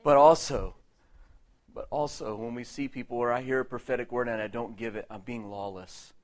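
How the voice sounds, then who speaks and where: A man's voice: medium pitch, fairly even intonation, a little fast. Emphatic man preaching a sermon. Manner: emphatic, repeats phrases, laughs between lines. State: tearful, sniffling. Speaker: pastor. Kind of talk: sermon leading into prayer.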